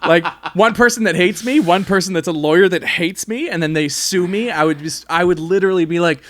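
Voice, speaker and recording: A man's voice: sits high, brisk, dry recording. A young man from Canada co-hosting a podcast in casual chat, swearing freely and laughing often. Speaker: podcast co-host.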